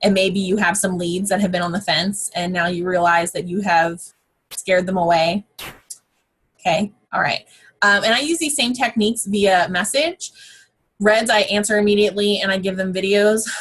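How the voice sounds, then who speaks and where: A woman coaching her sales team in a loose, conversational way, peppering her talk with fillers and excited exclamations. Her voice has a husky edge, sitting in an ordinary middle pitch. She speaks from a home office. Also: normal speed. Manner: chatty, frequent fillers and exclamations. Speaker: network marketing team trainer. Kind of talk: casual training talk.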